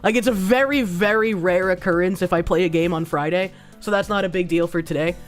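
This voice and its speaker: A woman with a hoarse, sick-sounding voice, chatting casually on a live stream as she reads donations, rambling and swearing freely. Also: on the low side, fairly quick, soft background music. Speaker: streamer reading chat and donations.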